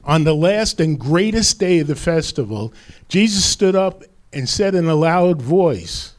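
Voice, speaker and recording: Lively, unhurried man preaching. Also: sits high. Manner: lively preaching, quoting scripture with rising emphasis. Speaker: pastor. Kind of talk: sermon.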